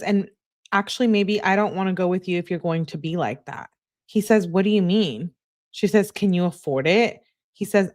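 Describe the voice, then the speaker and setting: A woman hosting a true crime channel, reading text messages aloud in an easygoing way and chatting to her viewers between them. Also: lowish voice.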